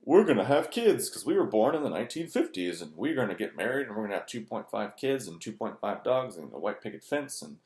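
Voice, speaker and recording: A man's voice: lowish voice, big pitch swings, quick pace, hardly any pauses, a little mellow, voice pushed up. A man mocking smug conventional parents. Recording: roomy echo.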